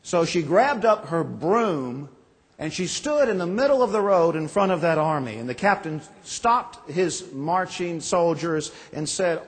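A man's voice: on the high side, expressive, measured pace, husky. A man in his forties, a pastor preaching a sermon, telling stories in a folksy, self-deprecating way. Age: 40s. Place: large church sanctuary. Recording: long reverb in a church.

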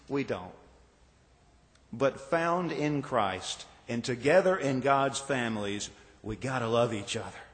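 Man preaching, earnest, rhetorical, middle-pitched voice, long hall reverb. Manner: earnest, rhetorical, slowing for emphasis. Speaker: pastor. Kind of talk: sermon.

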